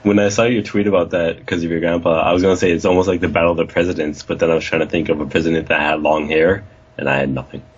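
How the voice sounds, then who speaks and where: A man's voice: low-pitched, level tone, fast talker, husky. A young man co-hosting a casual wrestling review podcast, rambling and joking with plenty of swearing. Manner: rambling, jokey, profane. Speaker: podcast co-host. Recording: dull lo-fi recording.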